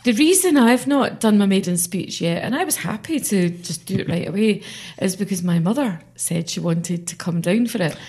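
A woman's voice: mid-range voice, expressive, normal speed, few pauses, mellow, husky. Woman, middle-aged, earnest, rambling, interview guest. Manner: earnest, rambling, with frequent fillers and restarts. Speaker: member of parliament. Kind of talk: conversational interview.

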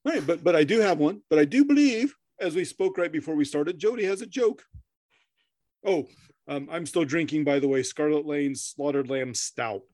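A man's voice: on the high side, normal speed, a little mellow, dry recording, clean studio sound. A middle-aged man co-hosting a podcast in casual chat, rambling, swearing freely, laughing often and stammering through restarts. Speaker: podcast co-host.

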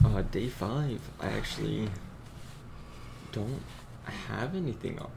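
A young man chatting on a podcast with friends, laid-back and teasing. His voice is lowish with a gravelly fry. Steady background noise runs through the recording. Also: slow. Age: young adult. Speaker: podcast co-host. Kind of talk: casual chat.

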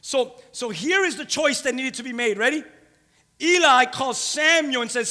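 A man's voice: very high-pitched, normal speed, pushed and bright. A man preaching a sermon, emphatic and repeating key phrases for weight. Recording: long hall reverb.

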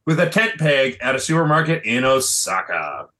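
Man, podcast co-host, animated delivery, bright tone, profane. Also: mid-range voice, moderate pace. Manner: profane, animated, cuts in apologetically. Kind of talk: casual news banter.

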